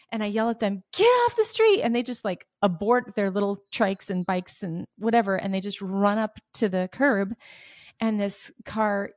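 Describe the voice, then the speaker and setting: A middle-aged woman co-hosting a faith podcast, telling a family story in an animated way, acting out quotes and laughing. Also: medium pitch, no room sound, clean studio sound. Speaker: podcast co-host.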